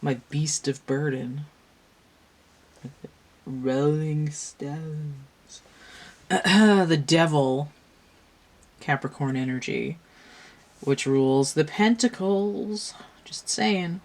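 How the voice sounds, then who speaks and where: A woman's voice: sits low, fairly even intonation, drawn-out words, pauses often, darkish tone. A woman giving a casual tarot reading in a rambling, slangy way, with a lot of "like" and free swearing. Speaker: tarot reader.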